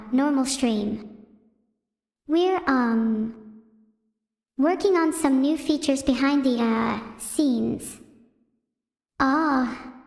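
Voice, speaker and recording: A synthetic female voice imitating a hesitant young male streamer, halting and slow with many fillers. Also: high voice, darkish tone. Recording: roomy reverberant sound.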